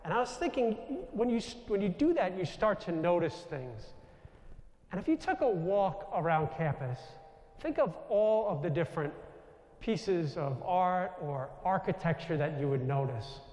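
A man's voice: high voice, very animated, moderate pace, darkish tone, echoey room, long reverb tail. A man with a New York accent, a Jesuit priest giving a conversational storytelling talk to a live audience. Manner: conversational, anecdotal, with self-corrections.

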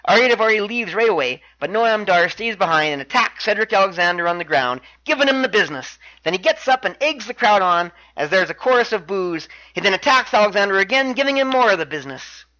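A man's voice: high-pitched, animated, fast, few pauses, pushed and bright, rough recording. A man hosting a podcast, recapping wrestling matches in a chatty way with wry asides. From Canada. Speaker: podcast host.

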